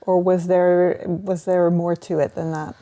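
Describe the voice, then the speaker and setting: A woman hosting a therapy podcast, asking calm, attentive questions. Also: on the low side, a little slow. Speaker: host, psychotherapist. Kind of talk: interview questions.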